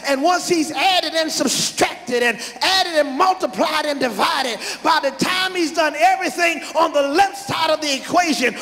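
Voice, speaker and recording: Male pastor, very high voice, fervent shouted call-and-response preaching, live in a reverberant church with soft music behind. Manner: rhythmic repeated refrains and call-and-response. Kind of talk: sermon. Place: large church sanctuary.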